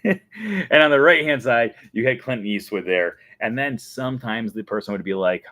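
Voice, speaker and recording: A man's voice: mid-range voice, animated, normal speed, pushed and bright, no room sound. A man hosting a casual fan show, talking enthusiastically and laughing often. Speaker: host. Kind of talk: casual chat.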